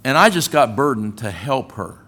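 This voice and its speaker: A male preacher tells a story in his sermon, acting out each exchange as he goes. His voice sits at a middle pitch but swings widely up and down. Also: normal speed. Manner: animated storyteller who acts out dialogue.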